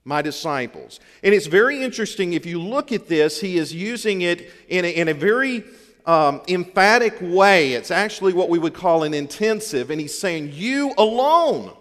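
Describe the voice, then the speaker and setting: A man's voice: high-pitched, animated, fairly quick, hardly any pauses, a bit bright. A man with a Southern US accent preaching a folksy, humorous sermon, with emphatic repetition to his congregation. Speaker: pastor. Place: church sanctuary. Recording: long hall reverb.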